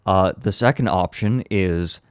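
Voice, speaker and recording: A man's voice: deep voice, unhurried, clean tone, no echo, clean studio sound. A man streaming in casual chat, laid-back and wry, joking while reading along.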